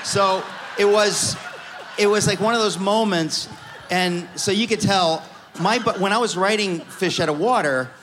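A middle-aged man from New York telling funny family stories on stage, animated and comic, often restarting his sentences. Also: sits high, unhurried, slight background noise. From New York, USA. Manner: animated, comic, self-interrupting. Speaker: guest speaker. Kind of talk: storytelling on stage. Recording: reverberant hall.

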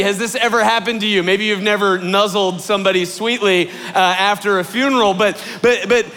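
A young adult man, a lead pastor, preaching a sermon as an animated storyteller who acts out quotes in a high voice. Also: brisk, few pauses. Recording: long hall reverb.

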